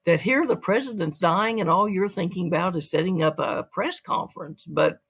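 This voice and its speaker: Husky, gravelly author telling a story. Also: mid-range voice, moderate pace. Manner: lively storyteller who acts out quotes. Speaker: author and guest. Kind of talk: storytelling in an interview.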